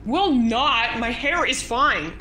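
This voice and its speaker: A woman's voice: a little high, animated, slow, bright, forceful tone, slight background noise. A woman streaming live, snapping back defensively at people trolling her. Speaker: streamer being raided. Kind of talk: angry live stream rant.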